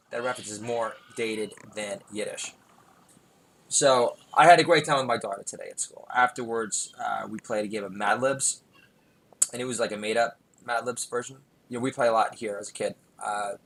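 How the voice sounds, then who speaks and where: A man rambles through a comic monologue as podcast host. He is self-deprecating and digressive and keeps breaking into loud, emphatic bursts. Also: mid-range voice, husky, poor audio.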